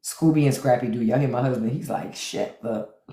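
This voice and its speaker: A woman hosting a casual livestream from home, telling playful stories with excited outbursts, speaking. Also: extremely low pitch, fast talker, reverberant. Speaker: livestream host.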